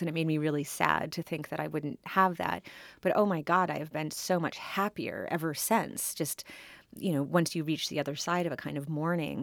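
A woman in her forties talks through her ideas as an interview guest, pausing and restarting as she thinks. Her voice sits a little low. The sound is dry and close. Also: dry recording. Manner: thoughtful, halting, with many restarts and fillers. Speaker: writer and guest. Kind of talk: conversational interview.

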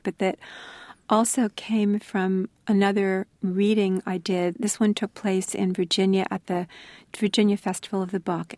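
A middle-aged woman, an author being interviewed, telling stories in a thoughtful, soft-spoken way that sometimes sinks to a near-whisper. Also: mid-range voice, no echo. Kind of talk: reflective interview storytelling.

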